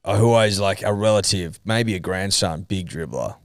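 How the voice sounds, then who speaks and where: A man's voice: deep voice, normal speed, no room sound, clean studio sound. An Australian man co-hosting a podcast in casual comedic chat, laid-back, leaning on words like listen and bro. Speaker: podcast co-host.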